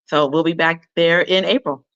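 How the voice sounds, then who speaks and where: A woman's voice: deep voice, steady tone, moderate pace, fairly bright tone, no room sound, lo-fi sound. Chatty woman telling travel stories. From Arizona. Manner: chatty storyteller, quotes people in her anecdotes. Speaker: talk show guest, comedian. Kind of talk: casual interview chat.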